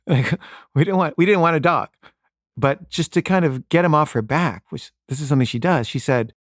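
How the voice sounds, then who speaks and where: A man's voice: mid-range voice, no room sound. Guy telling a story about his family, chatty with lots of fillers, dead dry sound. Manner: conversational, with many fillers. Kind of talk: personal story told to an audience.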